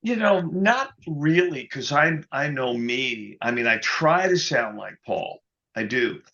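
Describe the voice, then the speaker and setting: A man being interviewed as a guest musician, telling an anecdote in a casual, animated way, often adding "you know". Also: mid-range voice, takes it slowly, creaky, dull audio. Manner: animated anecdote teller, quotes others, many "you know"s.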